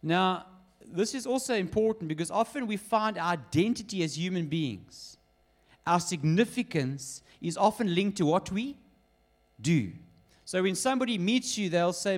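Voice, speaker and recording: A man's voice: high-pitched, moderate pace. A man preaching a sermon, telling stories with acted quotes. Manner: lively storytelling with acted quotes. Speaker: pastor.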